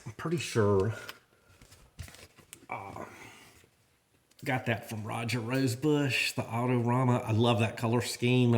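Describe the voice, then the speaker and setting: A man's voice: mid-range voice, a bit bright, a little hiss or hum. A man from Shreveport with a northwest Louisiana Southern accent, hosting a casual, rambling monologue from his garage in a folksy, drawling way. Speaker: garage channel host. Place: home garage.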